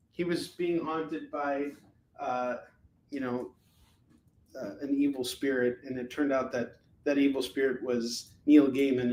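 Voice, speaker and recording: A man hosts a live comic-book sale stream from a room at home, rambling and joking with plenty of fillers in casual selling chat. His voice is mid-range. The room is echoey, and there's a little hiss or hum.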